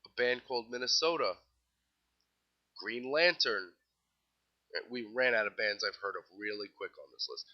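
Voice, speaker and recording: A young man with a New York accent runs through festival lineups in a casual solo show, tossing in dry little jokes between band names. His voice sits at an ordinary middle pitch. The recording is a bit dull and lo-fi. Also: lively intonation, normal speed, long pauses. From New York City. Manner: wry, offhand asides while rattling off lists. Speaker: music news show host.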